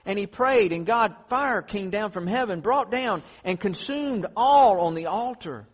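A man preaching a sermon, emphatic, swinging from loud stress to hushed tones. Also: high voice, lively intonation, unhurried, husky, highs cut off.

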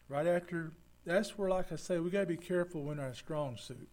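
A man's voice: fairly high pitch, a little fast, few pauses, darkish tone. A man preaching a folksy sermon as pastor, acting out the people he quotes. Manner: folksy, acts out quoted voices.

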